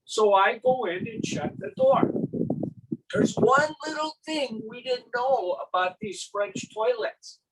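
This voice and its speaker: An older man telling a lively, animated story in a gardening talk, acting out sound effects. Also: extremely high pitch, slow, recorded from a distance, very noisy. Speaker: gardening speaker.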